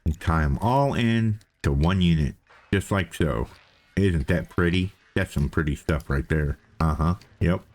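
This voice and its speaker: A man's voice: low-pitched, unhurried, a little mellow. A man giving casual, chatty commentary as he plays a game, thinking aloud and repeating himself. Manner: playful self-talk. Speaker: let's play host.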